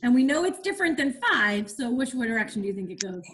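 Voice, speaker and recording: A woman teaches a class over a video call, her high voice bouncing up and down with lively swings. She keeps asking the children questions and cheers them on. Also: quick pace. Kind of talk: online class lesson.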